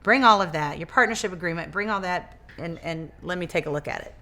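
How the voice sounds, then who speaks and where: Bright, animated woman telling a story. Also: on the low side, quick pace. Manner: animated, acts out quoted dialogue; repeats and restarts words. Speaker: interview guest, business owner. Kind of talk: casual storytelling interview.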